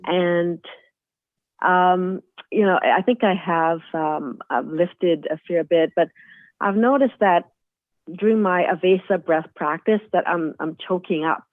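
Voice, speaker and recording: A woman from Canada calling in to a radio show, speaking hesitantly with many pauses. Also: fairly low pitch, no echo. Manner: hesitant, with many ums and repeated words. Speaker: caller. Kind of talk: call-in question. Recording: dry, tinny phone line.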